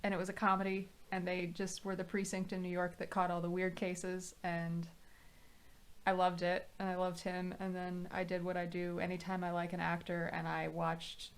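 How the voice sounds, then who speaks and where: A woman's voice: fairly low pitch, completely flat delivery, moderate pace, clean tone. A woman guest on a podcast, chatty and self-mocking, laughing often. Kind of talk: casual podcast chat. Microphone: shared microphone. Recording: faint background noise.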